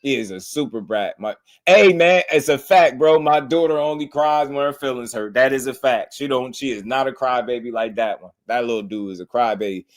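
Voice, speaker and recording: A man's voice: mid-range voice, brisk, hardly any pauses. A man, hosting a casual boxing livestream and chatting loosely with his viewers. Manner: loose and talkative, slangy.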